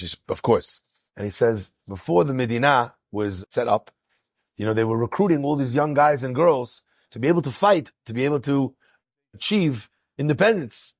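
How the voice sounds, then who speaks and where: A man, a rabbi, telling a story in a lecture and acting out the people in it with rising excitement. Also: mid-range voice, no room sound, clean studio sound. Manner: animated, acts out quotes with rising excitement.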